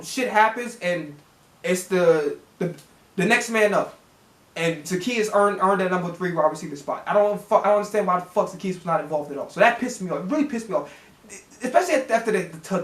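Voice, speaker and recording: A man's voice: high voice, echoey room. Man ranting heatedly about football. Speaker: sports reaction channel host. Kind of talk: profane fan rant.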